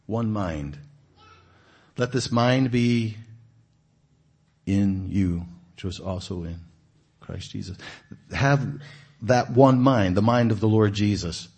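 A man delivers a relaxed sermon in a church meeting room, talking with the group rather than at them. His voice sits low and has a husky edge. He tosses questions to the listeners and leans hard into the points he wants to land. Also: slow, pauses often. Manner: conversational, asks the audience questions, animated emphasis. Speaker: guest preacher. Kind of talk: informal sermon.

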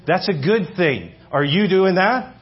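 Husky man preaching with emphatic repetition. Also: sits high, a little slow, lo-fi sound. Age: 40s. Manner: animated, repeats phrases for emphasis, asks the audience questions. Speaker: visiting speaker. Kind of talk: sermon. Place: church sanctuary.

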